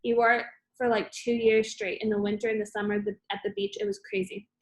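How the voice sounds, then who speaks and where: A woman reading aloud, voicing a friendly teenage girl who talks casually with fillers, in a plain voice close to her own and a little high. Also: flat delivery, a little fast, roomy sound, close to an everyday voice.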